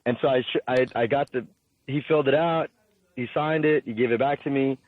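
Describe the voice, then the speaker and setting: A man's voice: medium pitch, a little fast, dry recording. Man telling stories over a tinny line. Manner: animated storyteller, acts out quotes, frequent fillers. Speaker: podcast guest, fighter and businessman. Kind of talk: casual storytelling interview.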